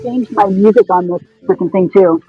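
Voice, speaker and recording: A man's voice: sits high, normal speed, phone-quality sound, soft background music. A man who is a guest on a casual true-crime discussion, talking in an emphatic, indignant way. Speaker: podcast guest.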